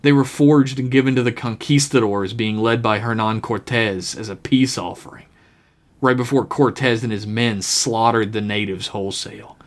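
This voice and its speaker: Guy reading as a smug jailbird explaining treasure lore, flat and matter-of-fact, comedy podcast. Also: fairly low pitch, normal speed, natural voice. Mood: lecturing. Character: smug male prisoner spinning treasure legends.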